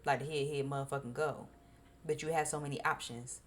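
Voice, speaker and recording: A woman's voice: low voice, fairly even intonation, a little fast. A woman giving a casual tarot reading, blunt and profane, who repeats phrases for emphasis. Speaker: tarot reader.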